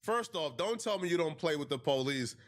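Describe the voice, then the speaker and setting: A man's voice: on the high side, expressive, a little fast, slight background noise. A man recapping a news story in a casual, conversational way, with many fillers.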